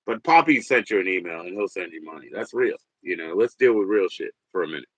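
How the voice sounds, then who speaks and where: A man in his forties hosting a livestream, rambling and swearing, jumping from loud bursts to mutters. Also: sits low, lively intonation, quick pace, no echo, low-quality recording. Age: 40s. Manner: rambling, profane, swings between loud and muttered. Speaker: livestream host. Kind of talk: casual livestream rant.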